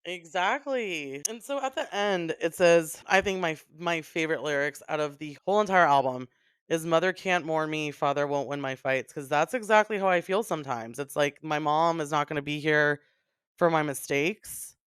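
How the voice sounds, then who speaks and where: Woman podcaster talking earnestly about lyrics, smooth clear voice, dry close mic. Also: low-pitched, moderate pace, dry recording. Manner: emotional, voice breaking near tears. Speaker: podcast co-host. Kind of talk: casual chat about an album.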